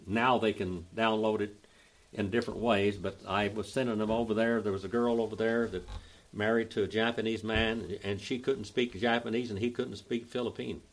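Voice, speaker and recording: An older man with an Oklahoma Southern accent, teaching a Bible study in a folksy, drawling way and spelling out the Greek grammar slowly. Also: fairly low pitch, steady tone.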